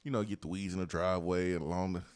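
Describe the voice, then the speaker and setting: A man's voice: low-pitched, steady tone, racing, no echo, studio quality. Playful man on sports radio. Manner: playful, repeats catchphrases, laughs often. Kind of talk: casual sports talk chat.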